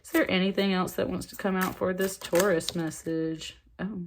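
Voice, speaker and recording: A woman with a fairly low voice talks through a tarot reading in a loose, chatty way. She gets excited as she goes and scatters fillers and little asides through her talk. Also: moderate pace, background noise. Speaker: tarot reader. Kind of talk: casual spoken tarot reading.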